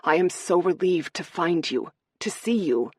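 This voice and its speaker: A woman's voice: fairly low pitch, expressive, a little slow, breathy edge, no room sound. A woman voicing a brooding noble lord, commanding and also tender toward the woman he speaks to.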